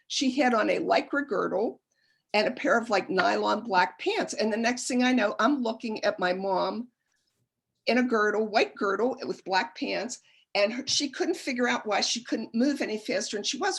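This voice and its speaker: A middle-aged woman lecturing with a slightly husky, breathy voice that sits a touch high. She tells personal stories in a chatty, self-deprecating way and laughs along with her own punchlines. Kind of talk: humorous storytelling lecture.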